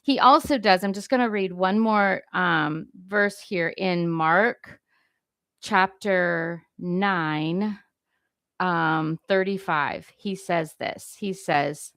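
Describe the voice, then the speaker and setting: A woman's voice: on the low side, slow, a bit bright, dry recording. Older woman teaching scripture, chatty and dry. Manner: conversational, self-correcting, asks "right?" often. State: briefly choked up. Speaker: Christian leadership teacher. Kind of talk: informal devotional teaching.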